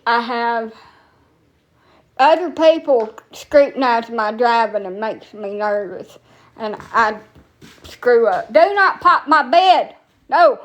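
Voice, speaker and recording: Woman w just ranting and cussing, kinda high voice, all over the place. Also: animated, takes it slowly. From Alabama, USA. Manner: profane, blunt, rambling. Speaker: TikTok storyteller. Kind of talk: casual storytelling rant.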